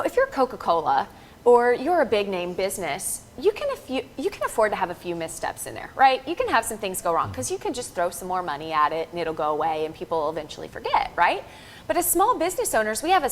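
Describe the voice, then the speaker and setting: A woman's voice: mid-range voice, slight background noise. A woman co-presenting a live business workshop, explaining earnestly and checking in with the audience. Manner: earnest and explanatory, many fillers and "right?" checks.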